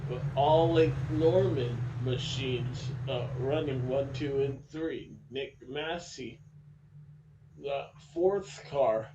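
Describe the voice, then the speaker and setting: A man calling a sim racing event as play-by-play commentator, getting excited at restarts. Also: mid-range voice, takes it slowly, highs cut off, a little hiss or hum. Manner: calls the race, gets excited at restarts.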